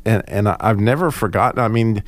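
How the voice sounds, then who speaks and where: A man's voice: on the low side, fairly quick, dry recording. A man in a casual group discussion, speaking reflectively with frequent restarts. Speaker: discussion participant.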